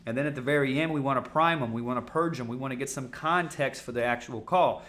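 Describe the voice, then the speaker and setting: A man running a sales lesson, talking fast and loose with plenty of fillers. His tone is bright and forceful, and he regularly jumps into a louder, higher pitch to act out punchy call openers. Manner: acts out sales-call lines in a loud, high, punchy voice; casual, coaching, fast talk with fillers. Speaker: sales trainer.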